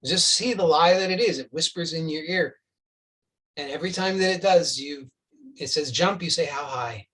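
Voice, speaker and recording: Earnest spiritual teacher guy, kinda high voice, pushy, restarts a lot, sits back from the mic. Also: moderate pace, a bit bright, distant mic, poor audio. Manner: earnest, insistent, with many restarts and acted-out dialogue. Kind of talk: spiritual talk.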